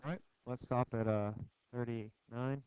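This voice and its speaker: A man's voice: medium pitch, fairly even intonation, measured pace, clean tone, no room sound. A man giving a physics lecture, putting questions to the class in a conversational, joking way. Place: lecture hall. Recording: dull lo-fi classroom screencast audio, dry.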